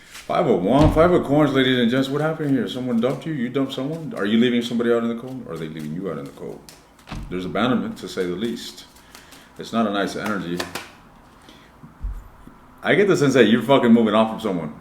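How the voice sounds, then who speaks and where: Speaking to camera in a roomy, echoey indoor room, a tarot reader with a brisk, mid-range voice gives a casual reading over a little hiss or hum. Blunt and profane, he addresses viewers directly, swinging between joking asides and earnest advice.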